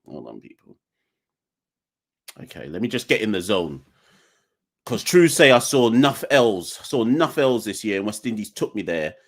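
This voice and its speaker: Animated, defiant male podcast host. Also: fairly low pitch, moderate pace. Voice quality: animated, defiant, joking ranting. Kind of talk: live call-in show chat.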